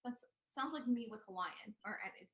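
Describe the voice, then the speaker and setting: A woman hosting a casual video call interview, lively and encouraging toward her guests. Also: a little high, normal speed. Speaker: host.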